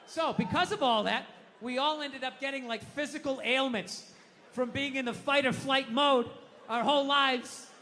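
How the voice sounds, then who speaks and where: A man doing a stand-up comedy set, ranting loudly with heavy swearing and shouted impressions. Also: very high voice, fairly even intonation, moderate pace, long reverb tail, slight background noise. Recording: live club with audience laughter. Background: crowd laughing.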